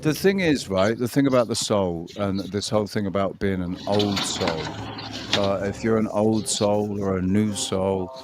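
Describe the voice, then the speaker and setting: A man's voice: fairly low pitch, noisy background. A man hosting a casual chat, talking in a reflective, meandering way. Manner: reflective, meandering, drawn-out phrasing. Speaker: host.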